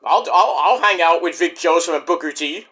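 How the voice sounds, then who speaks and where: A man ranting casually as a wrestling vlogger, rambling and animated, breaking into sudden shouts. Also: fairly high pitch, moderate pace, slightly rough.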